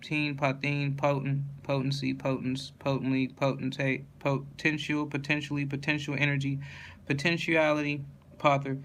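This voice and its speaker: Male reader, flat monotone word list, faint hiss behind. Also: medium pitch, normal speed. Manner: flat, monotone listing with self-corrections. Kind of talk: reading a dictionary word list aloud.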